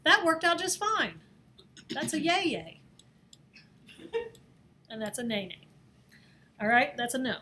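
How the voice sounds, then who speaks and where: A woman teaching a screen-recorded design software lesson, talking in a chatty, playful way and laughing at herself as she works. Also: high voice, very animated, takes it slowly, pauses often, a little hiss or hum. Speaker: design instructor. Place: office or classroom.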